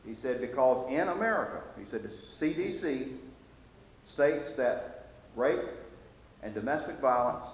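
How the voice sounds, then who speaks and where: A man teaching a Sunday school lesson in a church, earnest and halting at times, growing emphatic as he makes his points. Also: medium pitch, lively intonation. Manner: earnest, halting with restarts, grows emphatic when quoting. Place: church classroom or hall. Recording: echoey church hall with faint noise.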